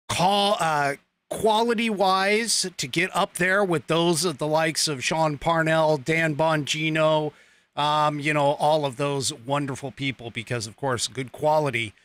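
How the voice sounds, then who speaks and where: Male livestream host, casual chat to viewers, bright voice pitched a little high, rambling delivery with many ums. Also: dry recording. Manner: rambling, chatty, many fillers, chuckles to himself. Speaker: host of a political livestream show.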